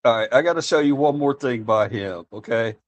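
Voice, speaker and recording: A man's voice: mid-range voice, a little fast. A male streamer in casual chat, rambling and thinking aloud while he searches for a clip.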